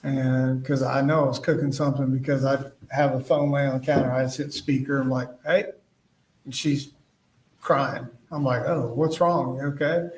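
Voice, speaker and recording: Guy on the witness stand, halting, acts out what people said, sounds far off in an echoey courtroom. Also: medium pitch, flat delivery, a little mellow. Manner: halting, retells conversations in quoted dialogue. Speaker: witness testifying at trial. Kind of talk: courtroom testimony. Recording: echoey room, voice far from the mic.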